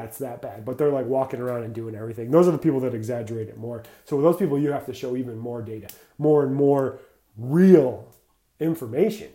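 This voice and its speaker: A man talks through a casual podcast monologue in a mellow, darker voice. He is blunt and energetic, fills his talk with "like" and drifts from point to point. The room around him is echoey. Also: medium pitch. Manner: energetic, blunt, rambling, says "like" often. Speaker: podcast host for clinicians.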